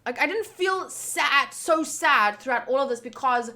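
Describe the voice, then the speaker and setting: A woman's voice: high voice, animated, a little slow, pushed and bright. A woman streamer talking casually and rambling, swearing freely as she chats to viewers. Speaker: anime reaction streamer. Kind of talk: casual livestream chat.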